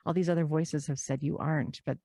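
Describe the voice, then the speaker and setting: Woman interview guest, low warm voice, earnest and encouraging, dry close mic. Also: steady tone, creaky, dry recording. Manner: earnest, encouraging, drawn-out emphasis. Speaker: podcast guest. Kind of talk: conversational interview.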